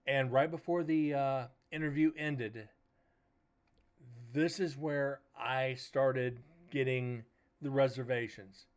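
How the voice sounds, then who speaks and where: A man's voice: mid-range voice, fairly even intonation, slow. Rambling, cursing man telling a story. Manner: rambling, swears, retells talks in quoted dialogue. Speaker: paranormal show host. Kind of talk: casual storytelling on a livestream.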